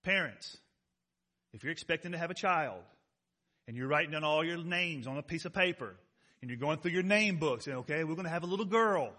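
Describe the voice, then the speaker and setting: A man preaching a sermon to his congregation in a conversational way, slowing down to stress key words and often asking rhetorical questions. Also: a little high, lively intonation, bright, forceful tone. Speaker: pastor.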